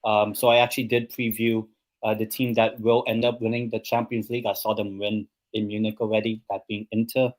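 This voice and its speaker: A man's voice: lowish voice, flat delivery, a little fast. Rambling young man hosting a stream. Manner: chatty, rambling, lots of ums and obviouslys. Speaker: host of a live match watchalong stream. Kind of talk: casual chat and match predictions.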